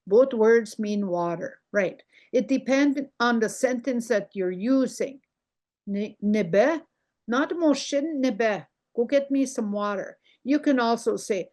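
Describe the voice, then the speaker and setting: Older lady teaching a language class, slow and patient, keeps asking okay?. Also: a little high, dark tone. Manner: patient, repeats words slowly, checks with "okay?". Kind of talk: language lesson, explaining words.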